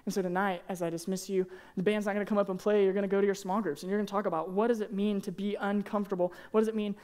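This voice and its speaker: A young man preaching a casual, earnest sermon to high school students, peppering his talk with "man" and "like". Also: level tone, racing, a little mellow, clear, resonant tone. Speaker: youth pastor. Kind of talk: youth sermon.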